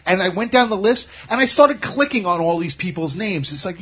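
A man's voice: sits high, expressive, a little fast, few pauses, a bit bright. A man from Staten Island, ranting sarcastically in a casual podcast chat. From Staten Island, New York. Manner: ranting, sarcastic, swears freely.

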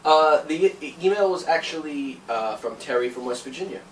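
A man co-hosting a comedy podcast, deadpan and rambling as he reads out a listener email. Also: on the high side, moderate pace, reverberant, distant mic, slight background noise. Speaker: podcast co-host.

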